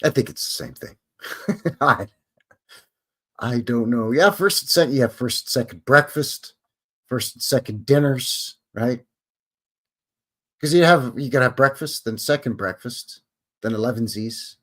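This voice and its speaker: In a fairly bright, mid-range voice at normal speed, a man from Canada hosts a livestream. His talk with viewers is casual and meandering, full of self-questioning.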